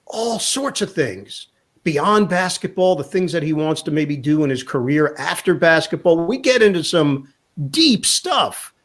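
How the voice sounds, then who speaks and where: A man's voice: on the high side, a little slow. A man, a sportscaster, telling a long anecdote in a casual interview and acting out the quotes. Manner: lively storyteller acting out quotes. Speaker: sportscaster guest. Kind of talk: storytelling anecdote in a chat.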